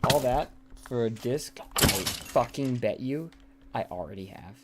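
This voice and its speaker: A man's voice: medium pitch, animated, unhurried, heavy background noise. Young male streamer, loose rambling chatter, keyboard clicking audibly behind. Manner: rambling, swears casually, drifts into whispering. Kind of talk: casual gameplay chat. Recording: clear background typing and clicks.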